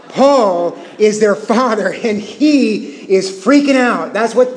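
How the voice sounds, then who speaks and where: A man in his thirties preaching a sermon, telling a family story with animated emphasis and self-deprecating laughs. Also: high-pitched. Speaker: pastor. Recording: long hall reverb.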